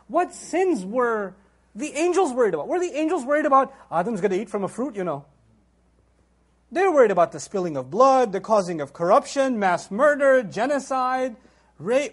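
A man lectures on scripture in a high, somewhat husky voice. He tells the story with animation, posing rhetorical questions to his listeners and slipping into the voices he quotes. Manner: acts out quoted voices with big pitch jumps. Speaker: Islamic lecturer. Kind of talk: Quran lecture.

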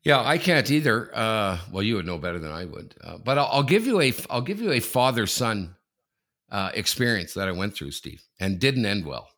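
A man in his forties co-hosting a casual sports podcast, telling a rambling anecdote full of restarts that builds to loud excitement. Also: lowish voice, moderate pace. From Canada. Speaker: podcast co-host. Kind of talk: casual sports talk, storytelling.

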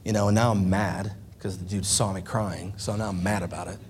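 A man's voice: low-pitched, steady tone, a little fast, a little mellow, slight background noise. A man preaching a sermon, telling a personal story in an earnest, confessional way with frequent restarts. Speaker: pastor.

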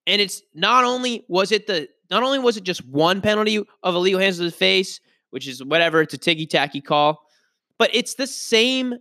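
A man hosts a solo sports podcast in a high, bright, forceful voice. He rants with frustrated emphasis and often stumbles and restarts mid-sentence. The sound is dry and close, with no room around it. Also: no echo. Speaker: podcast host.

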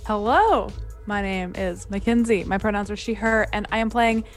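A woman's voice: mid-range voice, moderate pace, soft background music. A woman introducing her tabletop character in a playful, giggly way. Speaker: player. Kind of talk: casual chat.

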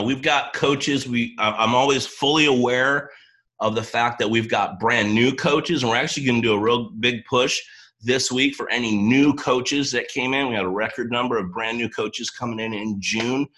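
A man hosts a live boot camp session for his team, talking fast and excitedly and rambling from thought to thought. His voice sounds bright and forceful, with a touch of early-morning roughness. He jumps eagerly between topics. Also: medium pitch, rough recording. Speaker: host of a coaching boot camp. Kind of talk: upbeat livestream talk to a team.

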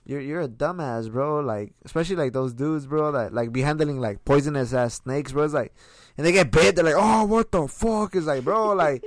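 A man's voice: medium pitch, fairly quick, no echo. Slangy young man, dry close sound. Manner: slangy, profane, peppers speech with "bro". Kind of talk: casual chat.

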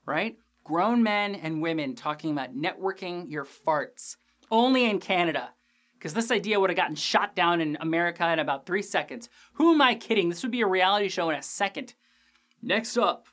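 A man's voice: high-pitched, a little fast. Jokey man recapping a TV episode. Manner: animated, jokey, with crude asides and frequent fillers. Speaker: podcast host reviewing a TV episode. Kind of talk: casual recap chat.

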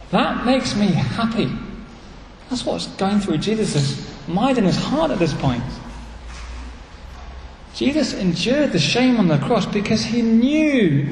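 A man with an English accent preaching a sermon as a pastor, earnest and animated, repeating key phrases. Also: high voice, slow pace, long pauses, a little hiss or hum. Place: church. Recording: echoey church hall, faint ambience.

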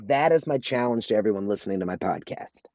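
A man's voice: fairly low pitch, lively intonation, fast, darkish tone, no echo, highs cut off. Earnest man hosting a solo podcast. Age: adult, married. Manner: earnest, motivational, repeats himself for emphasis. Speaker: podcast host.

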